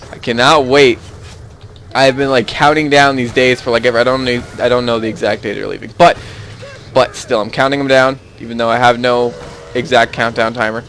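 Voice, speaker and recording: A man's voice: medium pitch, fairly bright tone, a little hiss or hum. A young man chatting casually over his gameplay, rambling and easily losing his train of thought. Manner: rambling, easily sidetracked, chuckling often. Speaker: gaming YouTuber.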